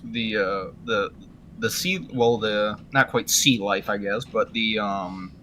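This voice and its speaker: A man's voice: lowish voice, steady tone, takes it slowly, pushed and bright, a little hiss or hum. A man chatting casually on a podcast, rambling and searching for words with many fillers. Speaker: podcast co-host. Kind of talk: casual chat.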